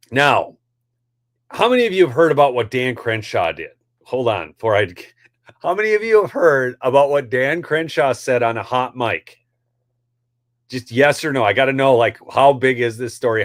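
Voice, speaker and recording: A man's voice: medium pitch, dry recording, clean studio sound. A man hosting a live political commentary show, heated and ranty, often calling his audience "folks". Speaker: host.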